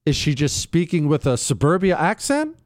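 A man's voice: big pitch swings, moderate pace, darkish tone, no room sound. Sarcastic radio guy riffing, voice bouncing all over, dry studio sound. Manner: sarcastic, jumps to high mocking pitch. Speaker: radio show host. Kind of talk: casual talk radio commentary.

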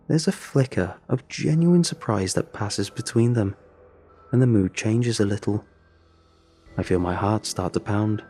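A man narrates a first-person horror story in a low, dark and husky voice. His telling is measured and brooding, with faint music under it.

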